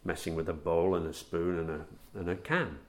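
A middle-aged man, a former footballer, recalling anecdotes in a relaxed interview, chuckling at his own stories. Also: low-pitched, fairly quick. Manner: warm storyteller, chuckles at his own tales.

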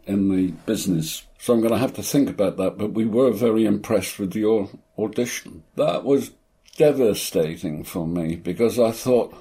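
Eighty-year-old retired actor, warm mellow tone, reflective and wry anecdotes. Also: male voice, lowish voice, moderate pace. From Cornwall, England. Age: 80s. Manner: reflective, wry, stammers on restarts. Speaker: retired actor, interview guest. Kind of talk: conversational storytelling.

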